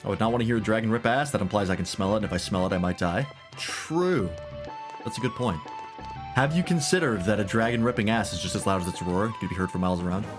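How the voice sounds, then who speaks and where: Talking very fast in a fairly low voice, a man cracks irreverent jokes in casual let's-play commentary as he streams a game, with game music playing behind.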